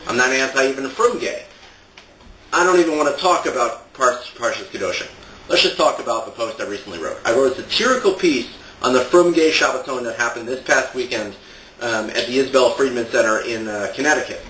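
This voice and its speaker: A man's voice: medium pitch, lively intonation, brisk, bright, forceful tone, echoey room, recorded from a distance, slight background noise, low-quality recording. A man ranting sarcastically as a satire blogger, exasperated and laughing at his own points. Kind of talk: ranting monologue to camera.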